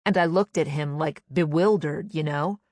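Woman comedian telling a story, kinda low voice, chatty, does the voices of people she quotes, dry close sound. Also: moderate pace, darkish tone, no echo. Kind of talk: anecdotal storytelling.

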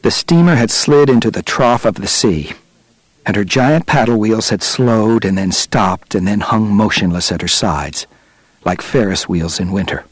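A man's voice: lowish voice, slightly rough, dry recording. Man narrating a story, dry close sound. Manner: steady, measured storytelling. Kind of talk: audiobook narration.

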